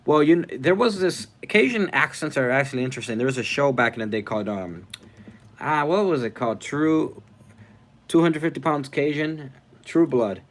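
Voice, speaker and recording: A man hosting a casual live stream, reading viewer comments aloud, rambling and thinking out loud as he goes. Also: on the high side, lively intonation, normal speed. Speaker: livestream host.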